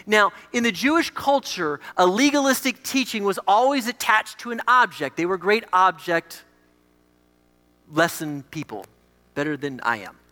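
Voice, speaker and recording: A male pastor delivers a sermon with a bright, ringing tone, leaning hard into emphatic lines and then dropping to quiet asides. His voice echoes with a long reverb across a church sanctuary. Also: sits high, expressive, normal speed. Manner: emphatic, swings between loud declarations and quiet asides.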